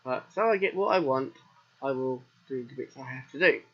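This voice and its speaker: A man's voice: medium pitch, moderate pace, husky. A man with a southern English accent, chatting and rambling straight to viewers as he streams a farming game. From England. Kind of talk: casual let's play commentary. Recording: dull lo-fi recording.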